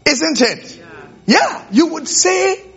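Male preacher, slow and deliberate, sermon to a congregation, muffled lo-fi sound. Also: very high voice, big pitch swings, a bit bright. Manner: keeps checking in with the congregation with rhetorical questions. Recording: dull lo-fi recording.

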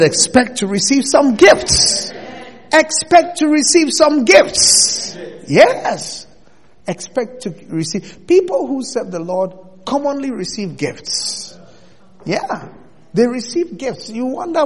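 A male pastor preaches with an animated, swinging delivery and a slightly raised pitch. His voice rises into loud bursts as he presses each point. The sound rings out with a long reverb, as if recorded in a large church hall. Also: slightly rough. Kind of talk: sermon.

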